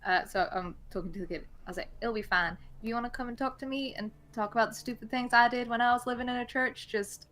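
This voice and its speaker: A woman's voice: a little high, quick pace, hardly any pauses, a bit bright. A woman playing a tabletop game, speaking in character in a casual, reassuring, joking way. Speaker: player. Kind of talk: in-character tabletop role-play.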